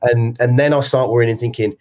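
A man of middling pitch talks openly as podcast co-host, his speech loose and full of "like". He is frank and heartfelt, swearing casually. The delivery is conversational and unpolished. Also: steady tone, fast, darkish tone. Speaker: podcast co-host, company co-founder. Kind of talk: casual chat.

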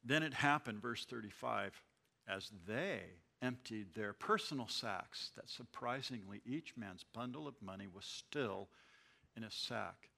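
A man gives a verse-by-verse sermon, reading scripture and then explaining it in a chatty way. His voice is bright and forceful, and he often restarts his words as he talks it through. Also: fairly low pitch, measured pace, gravelly. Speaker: Bible teacher.

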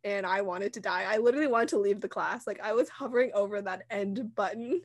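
A young woman co-hosting a casual podcast, telling stories in a giggly, animated way and acting out what people said. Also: medium pitch, a little fast. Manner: giggly, animated storytelling with acted quotes. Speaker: podcast co-host. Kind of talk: casual chat.

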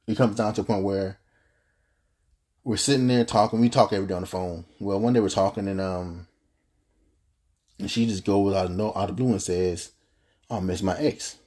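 Brief: young man, low husky voice, mellow, earnest rambling personal story. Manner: earnest, rambling, with frequent restarts and fillers. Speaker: podcast host telling his story.

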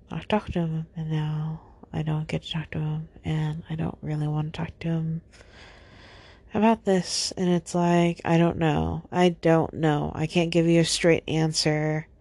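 A woman's voice: low-pitched, creaky, darkish tone, no echo. A young woman hosting a solo podcast, upset and sighing often as she vents. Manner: frequent heavy sighs, upset. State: upset, close to tears. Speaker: podcast host.

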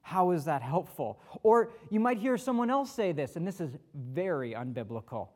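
A pastor preaches a casual, conversational sermon in a darkish voice that sits on the high side and swings widely in pitch, at a normal speed. He acts out the people he quotes and slips in some self-deprecating humor.

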